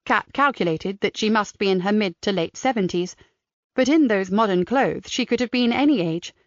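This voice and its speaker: A woman reads a crime novel aloud in a measured, descriptive way. The recording is dry and close, with a slightly muffled tone. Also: mid-range voice, lively intonation, no echo. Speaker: audiobook narrator. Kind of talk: scripted narration. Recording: dry, slightly dull studio sound.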